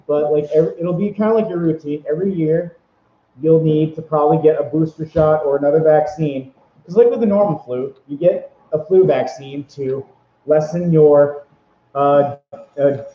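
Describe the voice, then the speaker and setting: A man rambles cheerfully through casual advice, stumbling over his words and circling back. His voice sits a little high for a man. The sound is roomy and echoey, with a dull, lo-fi tone. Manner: rambling, upbeat, many fillers and restarts. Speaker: vlogger giving convention tips.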